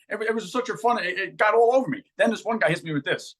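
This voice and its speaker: A man's voice: high voice, fast. A man performing a comic monologue and an improv scene, with a natural way of talking that listeners take for an accent. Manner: animated storytelling, plays other voices. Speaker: acting talent.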